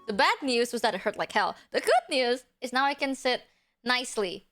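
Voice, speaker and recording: High, lively young woman streamer. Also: moderate pace, soft background music. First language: not English. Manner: animated, swearing, dramatic retelling. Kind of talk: casual storytelling chat.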